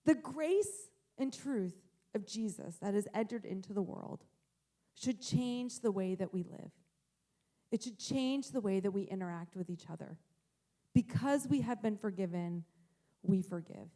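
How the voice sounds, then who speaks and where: A woman's voice: mid-range voice, mellow. A woman pastor in her thirties giving a sermon, telling a family story earnestly and acting out the voices in it. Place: church.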